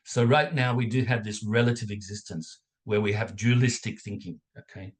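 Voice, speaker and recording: Guy teaching a meditation class on a video call, slightly low voice, slow and calm, lots of pauses. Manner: calm, measured, pauses between phrases, checks in with "okay?". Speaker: dharma teacher. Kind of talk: guided contemplation lesson. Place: home setup on a video call. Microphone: video call mic.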